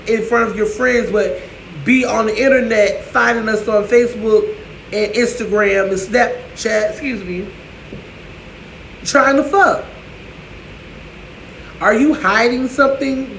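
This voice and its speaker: High-voiced gravelly man ranting with sass. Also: fairly bright tone, echoey room, a little hiss or hum, poor audio. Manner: profane, sassy, scolding. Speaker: vlogger. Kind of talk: ranting commentary to camera.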